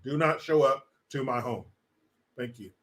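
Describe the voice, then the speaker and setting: A man's voice: mid-range voice, unhurried, fairly bright tone. A man hosting a casual livestream, reading chat and ranting with lots of profanity and laughter. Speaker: live stream host.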